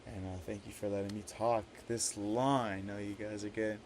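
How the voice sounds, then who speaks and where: Young adult man, lowish voice, rambling wedding toast full of fillers, faint noise floor. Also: level tone, normal speed, darkish tone. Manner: rambling, many fillers and restarts. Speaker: brother of the bride giving a toast.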